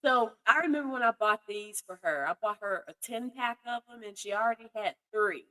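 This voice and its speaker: A woman's voice: a little high, a little fast, sharp tone, rough recording. Chatty woman talking to her cat. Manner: chatty, talks to her cat, casual swearing. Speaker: vlogger. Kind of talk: casual chat to camera. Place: at home.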